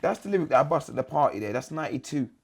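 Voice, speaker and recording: A high-pitched man, talking casually in an interview. His voice is gravelly and husky, and his delivery is slangy, with a habit of repeating "you understand". The talk is loose and unscripted. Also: lively intonation, rapid-fire. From England. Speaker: MC, guest.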